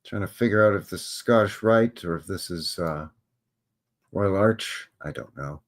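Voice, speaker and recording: A man's voice: low voice, moderate pace. A man hosting a live stream, talking casually over old photos with joking, rambling, wry asides. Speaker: livestream host.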